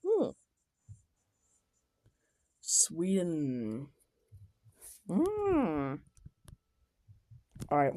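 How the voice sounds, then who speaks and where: A woman giving casual, excitable reaction commentary on animated clips, often exclaiming and shouting. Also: lowish voice, vocal fry, dry recording, studio quality. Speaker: video commentator.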